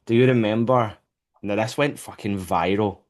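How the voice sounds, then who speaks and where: A man hosts a podcast over a remote call. His voice sits a bit low, and he chats casually with plenty of enthusiasm and the odd swear word. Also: moderate pace, darkish tone. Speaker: podcast host.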